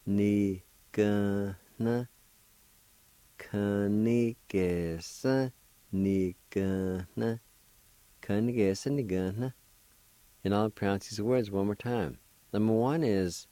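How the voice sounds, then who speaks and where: Slow, patient man teaching pronunciation. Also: fairly low pitch, mellow, dry recording. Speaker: language teacher and radio host. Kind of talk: slow spelled-out pronunciation lesson.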